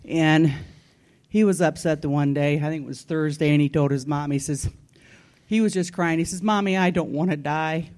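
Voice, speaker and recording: A woman's voice: sits low, steady tone, moderate pace, a little mellow. An older woman in church telling a personal family story in a chatty, plain way. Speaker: church member sharing a story. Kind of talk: personal testimony.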